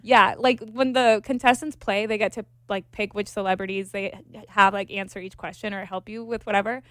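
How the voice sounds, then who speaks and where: A young woman, gushing and excitable as she co-hosts a casual chat podcast. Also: mid-range voice, fairly quick, dry recording. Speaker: podcast co-host.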